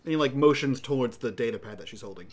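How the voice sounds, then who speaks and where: Man tabletop player, lively swinging pitch, quick and joking, noise in the background. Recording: audible noise on the line.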